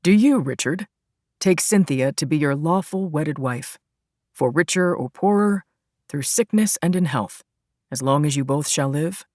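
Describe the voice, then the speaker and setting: A woman's voice: low voice, expressive, unhurried, darkish tone, dry recording, studio quality. A woman playing a solemn male minister. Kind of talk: audiobook character voice.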